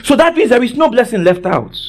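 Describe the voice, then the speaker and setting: High-voiced, fervent male preacher. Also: very animated, a little fast. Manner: fervent, bursts into shouts, quizzes the congregation. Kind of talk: sermon with call-and-response. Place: church service.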